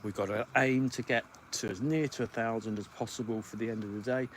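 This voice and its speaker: A podcast host from the United Kingdom talks fairly quickly in a lowish, steady voice during a live stream. He rambles casually while reading out viewers' comments, with slight background noise.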